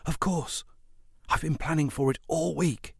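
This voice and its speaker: A man's voice: on the high side, unhurried, creaky, slightly rough, no echo, studio quality, pitched above the performer's own voice, heavily acted. A man voicing a young orphan boy in a storybook reading, earnest and slightly stammering. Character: young orphan boy, nervous but brave.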